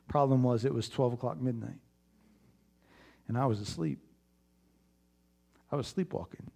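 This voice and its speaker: A man preaching in a middle-pitched voice. He tells his story with lively bursts of volume, and at other times his voice drops to a soft, hushed prayer. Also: moderate pace, gravelly, husky. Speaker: pastor. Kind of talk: sermon with a personal story.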